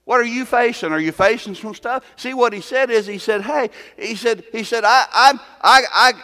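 High-voiced man preaching in a reverberant hall. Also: normal speed, a bit bright. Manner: folksy preaching with rhetorical questions and repeated words. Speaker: pastor. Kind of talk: sermon.

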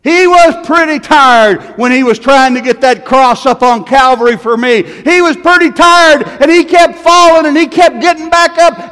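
A man preaching a sermon, fervent and folksy, climbing to shouted peaks and calling his listeners "man". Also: very high-pitched. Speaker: pastor. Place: large church hall. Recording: long hall reverb.

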